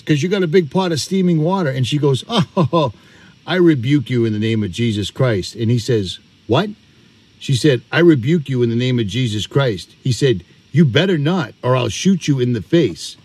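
A man's voice: medium pitch, darkish tone, no echo. A man speaks to his camera outdoors in an earnest, preaching tone. He drives his points home by repeating words. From Boston, USA. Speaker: vlogger. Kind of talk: emphatic commentary to camera. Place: outdoors on a rural property.

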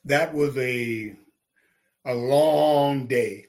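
A middle-aged man from Texas, a former football linebacker, telling his story in an interview with lively, acted-out quotes. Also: extremely slow. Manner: animated, acts out quotes with big pitch jumps, laughs.

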